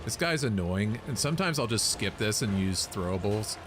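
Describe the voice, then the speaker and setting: A man casually commenting on his gameplay run, relaxed and rambling with lots of fillers. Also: lowish voice, normal speed. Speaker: gamer explaining his run. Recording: voice over loud game music.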